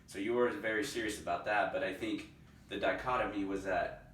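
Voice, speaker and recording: Relaxed low-voiced man from Texas. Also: brisk. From small-town Texas. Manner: reflective, relaxed, many you-knows. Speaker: podcast guest. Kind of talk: casual reminiscing chat. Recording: roomy echo, distant mic, faint noise.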